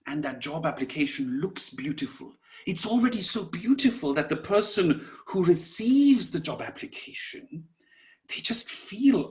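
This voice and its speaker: A man teaching an online class in a slow, gentle way, dropping to soft whispers at times and calling his listeners "my dears". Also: fairly high pitch, sing-song. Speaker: Sanskrit teacher.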